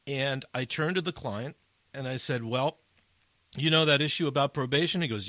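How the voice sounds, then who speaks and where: A man hosting a casual podcast chat, telling an animated story that climbs high at the funny parts. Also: moderate pace, no room sound. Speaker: addiction interventionist, podcast host.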